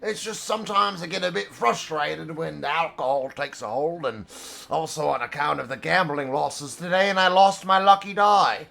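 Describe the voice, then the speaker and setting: A man's voice: fairly high pitch, moderate pace, vocal fry, pushed and bright, faint music behind, exaggerated voice. A man voicing a cowardly, drunken male gambler who whines, stammers and begs. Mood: whining. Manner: whining, stammering, begging.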